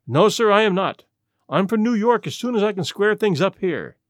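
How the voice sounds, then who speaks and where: Guy voicing a jumpy young secretary, quick jittery talk, audiobook, dry. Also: high-pitched, lively intonation, dry recording. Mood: nervous. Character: nervous young male American secretary. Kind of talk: audiobook character voice.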